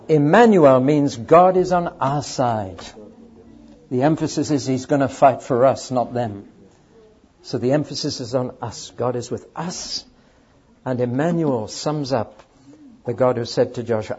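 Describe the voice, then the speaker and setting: A man's voice: mid-range voice, measured pace, darkish tone, muffled recording. A man preaching a sermon to a live audience, emphatic and speaking straight to the listeners. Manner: emphatic, addresses audience directly.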